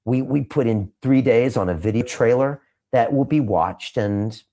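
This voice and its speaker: A man answering interview questions, emphatic and repeating his points for punch, sometimes turning quiet and reflective. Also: mid-range voice, unhurried. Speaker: podcast host being interviewed.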